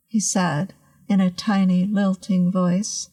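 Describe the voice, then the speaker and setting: A woman narrating a horror story in a measured, suspenseful way. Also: medium pitch, a little mellow.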